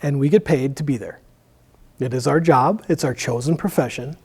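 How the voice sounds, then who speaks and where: A man's voice: mid-range voice, moderate pace, darkish tone, breathy edge. A man who works as a firefighter, talking candidly about his job in a church Q&A, rambling with many fillers. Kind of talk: conversational Q&A in church.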